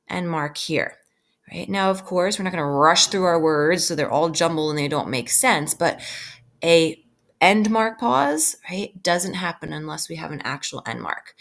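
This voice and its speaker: Brief: woman teacher, slightly low voice, patient and deliberate, recorded lesson for kids, keeps tagging "right?". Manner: patient, with frequent tag "right?"; slows down to stress key phrases. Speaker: elementary school teacher. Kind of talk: recorded reading lesson for children.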